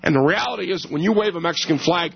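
A man hosting a heated call-in debate on the radio, his voice hoarse, husky and gravelly. He interrupts and repeats himself as he presses his point, pitched a little high for a man. The sound is a muffled, lo-fi broadcast. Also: lively intonation, fast. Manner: combative, interrupting, stammering restarts. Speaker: radio talk show host.

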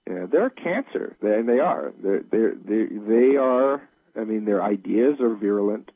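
Man, ranting host, husky, lively pitch, tinny phone-like radio audio. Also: moderate pace, no room sound. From Wisconsin. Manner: ranting, frequent fillers. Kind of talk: casual political chat.

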